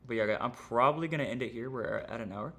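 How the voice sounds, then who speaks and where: Casting: young male streamer, gravelly voice, loose slangy delivery, faint noise underneath. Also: mid-range voice, fast, bright, forceful tone. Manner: casual, slangy, rambling with fillers. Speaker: trading streamer. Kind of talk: casual livestream lesson.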